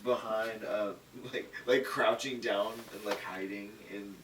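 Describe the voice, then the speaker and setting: A man's voice: on the low side, fairly even intonation, unhurried, fairly bright tone, a little hiss or hum. A young man co-hosting a podcast, telling stories in casual chat and laughing often. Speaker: podcast co-host. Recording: echoey room, mic at a distance.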